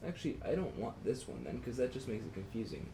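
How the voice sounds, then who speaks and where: A man's voice: mid-range voice, big pitch swings, fast, vocal fry, mellow, slight background noise. A man in his twenties, a composition student, talking casually and thinking aloud in a lesson. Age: 20s. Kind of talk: private lesson discussion. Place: university music lesson room.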